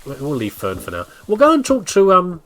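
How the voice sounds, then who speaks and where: A man's voice: sits high, wildly swooping pitch, fairly quick, fairly bright tone. A man hosting a gameplay video, chatting casually and rambling through his commentary with frequent laughs. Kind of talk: casual let's-play commentary.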